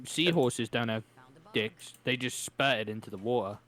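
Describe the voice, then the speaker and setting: A man's voice: medium pitch, a bit bright. A man co-hosting a podcast, chatting casually in a cheeky, jokey way. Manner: cheeky, jokey, quick to laugh. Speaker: podcast co-host. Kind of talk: casual chat.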